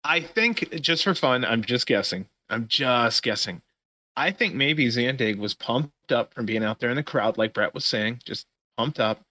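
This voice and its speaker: A man's voice: medium pitch, expressive, a little slow, sharp tone, no room sound. A man hosting a podcast, casually recapping events in a rambling, profane play-by-play. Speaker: podcast host.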